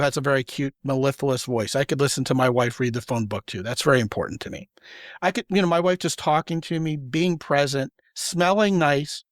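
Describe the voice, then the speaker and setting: A man's voice: a little high, dry recording, studio quality. A man hosting a podcast, talking in an emphatic, opinionated way and acting out the quoted voices he describes. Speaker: podcast host. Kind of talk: casual podcast conversation.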